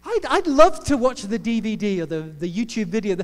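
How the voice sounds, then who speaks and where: A man's voice: high voice, sing-song, brisk. A male preacher giving a sermon in a playful, jokey storytelling manner. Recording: long hall reverb.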